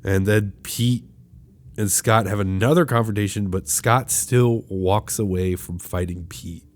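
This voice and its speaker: Low-voiced man casually recapping a movie. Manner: laid-back recapping with frequent "uh" pauses. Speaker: podcast co-host.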